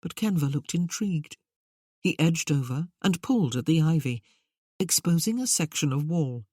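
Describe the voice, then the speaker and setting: An audiobook narrator reading a period romance novel in an even, measured way. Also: medium pitch, breathy edge, no echo, clean studio sound.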